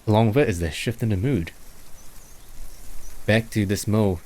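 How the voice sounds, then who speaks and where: A man's voice: on the low side, normal speed, a little mellow. A young man from New Zealand with a Kiwi accent tinged with Chinese, reading a visual novel aloud on stream and stumbling over words as he goes. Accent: New Zealand mixed with Chinese.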